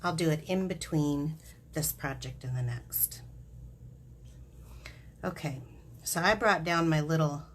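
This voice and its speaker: A woman with a deep, low voice talks through a craft project live, chatty and giggly as she explains each step. Faint background noise sits under her voice in a home craft room. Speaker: craft demonstrator host. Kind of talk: live stamping demonstration.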